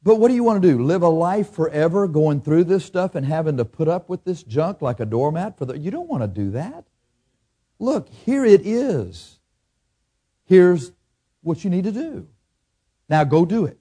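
A man preaching a sermon as pastor, blunt and emphatic, acting out people's excuses in a higher whiny voice. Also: expressive, moderate pace, mellow, breathy edge.

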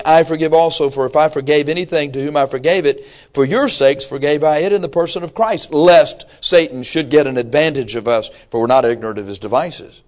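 A man preaching a sermon emphatically, swinging from low asides to shouted exhortation, reading scripture aloud and acting out his listeners' excuses.

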